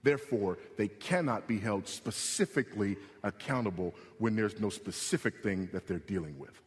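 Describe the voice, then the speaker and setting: A man preaching a sermon as pastor, emphatic, repeating his key points and rising in pitch when he presses them. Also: lively intonation, moderate pace. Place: church sanctuary. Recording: long hall reverb.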